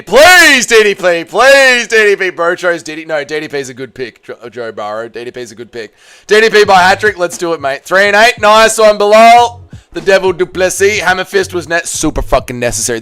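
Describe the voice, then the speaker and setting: A young man hosting a fight-night watch party stream, chatting casually, swearing freely and bursting into excited shouts. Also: a little high, clear, resonant tone. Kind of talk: casual live-stream chat reading comments.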